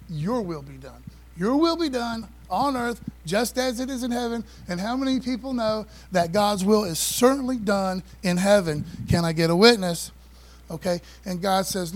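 Guy preaching a sermon, kinda high voice, lots of call and response to the church. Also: low-quality recording. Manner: animated call-and-response preaching, repeats phrases. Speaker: pastor.

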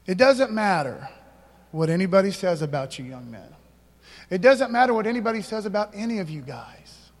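High-voiced man preaching in a reverberant hall. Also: very animated, moderate pace. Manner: emphatic call-and-response preaching. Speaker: pastor. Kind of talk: sermon.

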